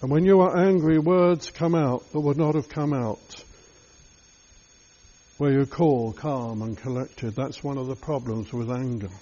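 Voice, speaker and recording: A man leading a guided scripture meditation, speaking directly to the listener in a slow, reflective way, in a dull lo-fi recording. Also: mid-range voice, mellow.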